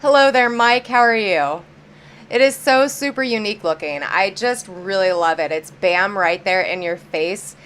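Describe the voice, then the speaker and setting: A woman's voice: mid-range voice, moderate pace, fairly bright tone. A woman hosting a live-stream auction, chatty and upbeat, greeting viewers by name as she counts down bids.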